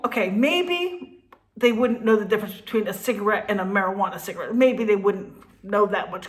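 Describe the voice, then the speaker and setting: Animated New woman in her fifties. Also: medium pitch. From New Jersey. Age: 50s. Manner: animated, laughing, swears. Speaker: vlogger. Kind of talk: casual storytelling.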